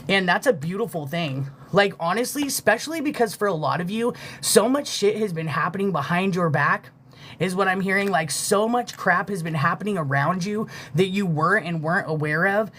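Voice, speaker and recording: On a live stream, a spiritual reader talks casually and from the heart, swearing freely, using lots of fillers and pausing mid-reading to thank viewers for gifts. The voice is mid-range and fairly bright, with lively intonation at a moderate pace.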